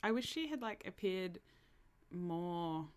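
A woman's voice: on the low side, animated, slow pace. A woman co-hosting a podcast in casual chat, talking with many fillers and laughing often. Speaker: podcast co-host.

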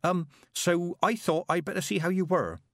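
A man's voice: sits high, moderate pace, fairly bright tone, no echo, clean studio sound, pitched above the performer's own voice. A man reading an audiobook voices a nervous young female witch apprentice who stammers and hesitates with ums. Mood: flustered.

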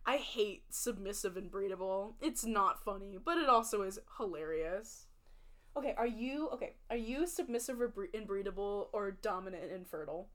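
A young woman co-hosting a podcast, chatting casually, playful and quick to giggle. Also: mid-range voice, lively intonation. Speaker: podcast co-host. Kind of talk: casual chat.

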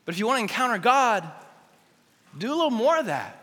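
A male youth pastor preaching to teens in an energetic, joking way, talking straight to them. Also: extremely high pitch, fairly quick. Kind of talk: youth sermon. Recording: long hall reverb.

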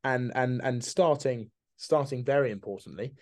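A man's voice: medium pitch, moderate pace, a little mellow. A man co-hosting a casual podcast, reading out quiz questions and teasing with frequent laughs. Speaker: podcast co-host, quizmaster. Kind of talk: casual banter.

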